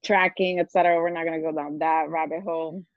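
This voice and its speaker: A woman's voice: deep voice, steady tone, fast talker, dry recording. Casual woman podcast host, dry muffled sound. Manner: laughs often, fillers and restarts. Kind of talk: casual chat and poetry reading.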